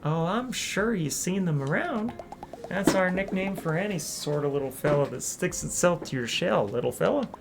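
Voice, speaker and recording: A woman's voice: on the low side, expressive, normal speed, vocal fry, heavy background noise, voice pushed up. A woman voicing a kindly middle-aged crab innkeeper with a Southern US accent and homey, friendly talk.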